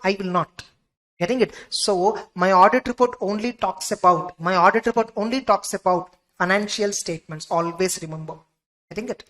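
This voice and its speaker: A woman's voice: mid-range voice, normal speed, a bit bright, rough recording. A woman with an Indian English accent teaching an exam-prep lecture, keeps asking the class whether they follow.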